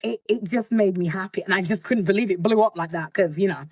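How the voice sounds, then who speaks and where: A woman's voice: mid-range voice, fast, dry recording. Bubbly woman guest. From Britain. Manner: bubbly, boisterous, laughs often. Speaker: guest, content creator. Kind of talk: casual interview chat.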